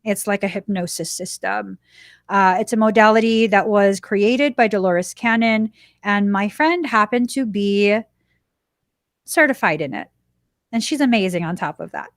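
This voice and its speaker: A woman podcast host telling a personal story in an animated, chatty way, laughing now and then. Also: medium pitch, normal speed, dry recording, clean studio sound.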